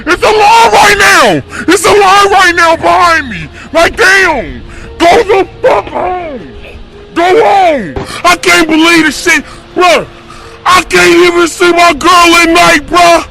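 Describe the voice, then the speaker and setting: A worn-out man who works as a fast food cook, shouting and cursing in exasperation, near tears. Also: very high-pitched, vocal fry, very noisy. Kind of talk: ranting to a camera.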